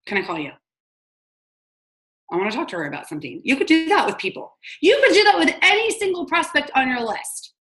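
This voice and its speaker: A young woman talks her sales team through a training call in a chatty, quick, casual way. She keeps slipping into little acted-out phone calls and peppers everything with "like". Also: high voice, very animated, fairly bright tone. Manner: chatty, fast, acts out sample phone calls with lots of "like". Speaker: network marketing team trainer.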